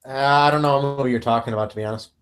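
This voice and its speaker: A man joining a livestream chat as a guest, voice at an ordinary middle pitch. He makes short, offhand remarks and gives blunt opinions in a loose, casual way. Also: steady tone, rapid-fire, fairly bright tone.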